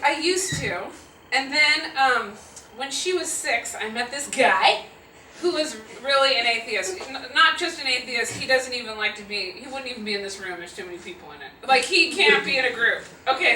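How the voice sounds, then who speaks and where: A woman in her fifties, a guest speaker answering audience questions, telling stories in an animated, laughing, self-deprecating way. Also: high voice, a little hiss or hum. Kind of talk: live audience Q&A storytelling. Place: auditorium with audience. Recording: roomy hall sound from a distant mic.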